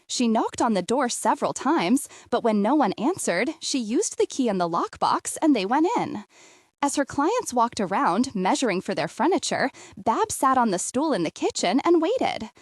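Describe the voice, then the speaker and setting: A woman reading an audiobook aloud with an expressive storytelling delivery. Her voice is slightly husky and fairly high, with wide, lively intonation. The recording is dry and close. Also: normal speed, dry recording. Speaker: audiobook narrator. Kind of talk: scripted audiobook narration.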